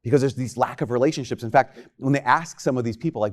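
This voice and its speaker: A priest giving a homily in a conversational, joking way, often acting out quoted lines. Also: male voice, on the low side, fast, a little mellow.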